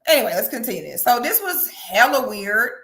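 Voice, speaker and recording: A woman doing casual reaction commentary, sassy and animated. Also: a little high, brisk, echoey room. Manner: sassy, animated, breaks into loud laughing shrieks. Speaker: commentary vlogger.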